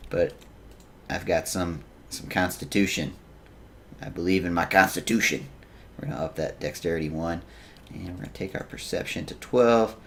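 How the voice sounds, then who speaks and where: A man's voice: low voice, a little hiss or hum. A man giving joking let's play commentary, reading game text aloud with self-mocking asides. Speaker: gaming YouTuber.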